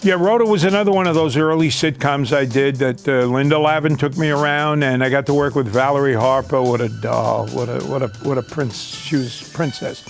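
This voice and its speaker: A man's voice: mid-range voice, fairly quick, creaky, hardly any pauses, music in the background. Older man reminiscing about his acting career. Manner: reminiscing, rambling with fillers. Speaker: actor recalling his career. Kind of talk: documentary interview.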